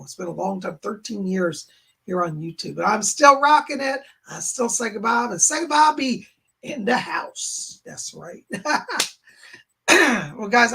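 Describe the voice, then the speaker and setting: A man hosting a live stream as a psychic medium, hoarse and clearing his throat, greeting viewers with exuberant casual chat and calling himself by name. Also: high-pitched, fairly bright tone. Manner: exuberant, calls himself by name in the third person.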